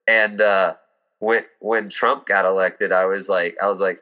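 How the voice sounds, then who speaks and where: A young man from the United States chats with a bright, forward tone and a slightly low voice. He tells animated stories, slipping into voices as he goes. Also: a little slow. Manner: animated storyteller, acts out voices. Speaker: guest actor. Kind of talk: casual chat.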